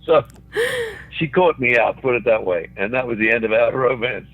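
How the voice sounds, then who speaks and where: An older man from Australia speaks at normal speed in a mid-range voice, a guest recounting anecdotes. He chuckles along the way, and the sound is tinny, as from a phone line.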